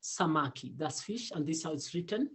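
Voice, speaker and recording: A man teaching a casual online Swahili lesson, repeating words slowly and laughing often. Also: fairly high pitch, expressive.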